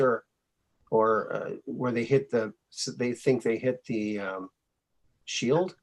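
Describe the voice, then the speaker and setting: A middle-aged man hosts a call-in show in an easygoing, folksy way, trading corny dad jokes with callers. His voice sits at an ordinary middle pitch. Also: fairly even intonation, slow pace. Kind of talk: casual call-in chat.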